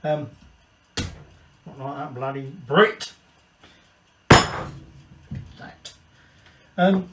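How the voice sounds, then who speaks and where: A man hosting a casual cooking video, rambling, swearing and drinking while he cooks. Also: fairly high pitch. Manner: rambling, swearing, tipsy asides. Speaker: cooking channel host. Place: home kitchen. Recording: echoey room, distant mic, faint kitchen noise. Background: clatter of pots and cutlery.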